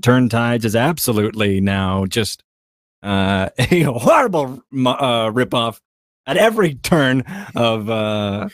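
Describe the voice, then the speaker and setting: A man's voice: mid-range voice, animated, no echo, clean studio sound. Giggly man full of fillers. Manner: giggly, halting with many fillers. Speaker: tabletop player. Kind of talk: casual chat. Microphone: video call.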